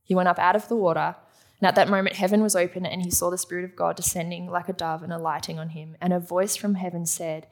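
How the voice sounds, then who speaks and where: A woman's voice: fairly low pitch, level tone, fast. A woman preaching a sermon to a live audience in a teaching manner, asking the room questions and answering them.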